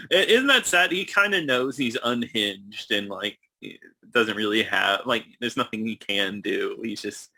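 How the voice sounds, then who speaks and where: Bright, eager man talking movies. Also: on the low side. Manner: enthusiastic, lots of "like" fillers. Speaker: podcast co-host. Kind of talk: casual movie chat.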